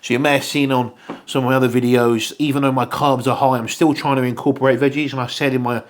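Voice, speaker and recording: A man's voice: mid-range voice, little pitch movement, fast talker. A young man vlogging casually about his meals, chatty and rambling, with casual swearing. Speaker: fitness vlogger. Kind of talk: casual chat to camera.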